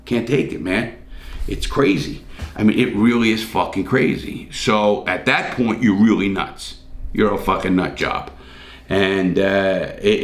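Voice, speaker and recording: Older male storyteller, blunt and profane, lowish voice, roomy echo. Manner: blunt, heavy swearing, intense. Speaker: ex-prisoner telling his story. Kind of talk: casual storytelling to camera.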